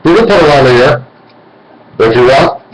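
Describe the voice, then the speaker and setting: A man's voice: medium pitch, expressive, normal speed, poor audio. A man in his forties hosting a radio call-in show, talking in a rambling, meandering way. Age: 40s. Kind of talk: casual call-in talk.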